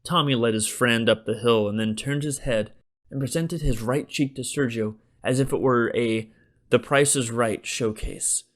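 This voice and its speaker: A man, the author, narrating his own comic novel as an audiobook in a wry, deadpan delivery. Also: medium pitch, moderate pace.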